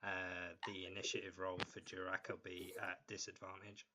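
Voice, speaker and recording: A hesitant player explaining things in an online tabletop game, with lots of pauses and ums. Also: sits low, monotone, background noise. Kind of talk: casual game chat.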